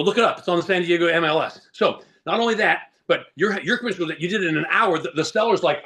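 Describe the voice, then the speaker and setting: On a video call, a real estate coach appearing as a guest speaker pitches tactics to agents in a high, quick, fairly bright voice. He hammers his points with punchy rhetorical questions and a confident, salesy push.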